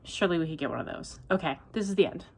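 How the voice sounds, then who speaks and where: Woman, book vlogger, low-ish voice, dry deadpan delivery tipping into ranting. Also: very fast, breathy edge. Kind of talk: casual reading vlog.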